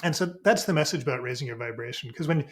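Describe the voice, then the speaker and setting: Unhurried, halting male spiritual teacher. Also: medium pitch. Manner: unhurried and halting, with frequent restarts. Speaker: spiritual teacher, podcast guest. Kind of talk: relaxed explanatory talk.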